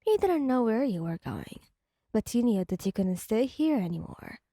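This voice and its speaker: A woman narrating an ASMR fan story in a slow, soft, breathy way. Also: fairly high pitch, very animated, dry recording, studio quality. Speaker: fanfic reader.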